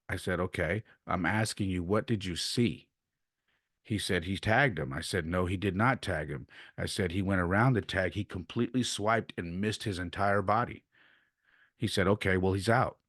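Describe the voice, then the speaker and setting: A man's voice: sits low, no echo, studio quality. A man hosting a podcast, casually telling a story about coaching youth baseball and acting out the exchanges he retells. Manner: animated retelling, acts out quoted exchanges.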